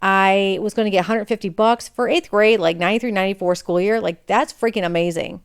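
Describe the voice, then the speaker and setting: A woman's voice: medium pitch, fairly even intonation, fairly quick, clear, resonant tone. A woman podcast host telling a personal story in a candid, chatty way that wanders off topic.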